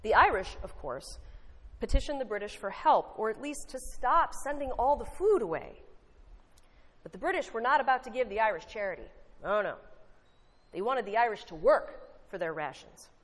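A woman's voice: fairly high pitch, animated, moderate pace, fairly bright tone. Woman preaching in an echoing hall. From United States. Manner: conversational, earnest, wry asides. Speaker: lay preacher. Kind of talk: sermon with storytelling. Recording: long hall reverb.

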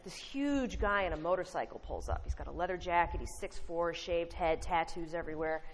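A woman's voice: lowish voice, expressive, fairly quick, noisy background. A woman giving a sermon, mixing a folksy story with earnest teaching and wry asides. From United States. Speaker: lay preacher. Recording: long hall reverb.

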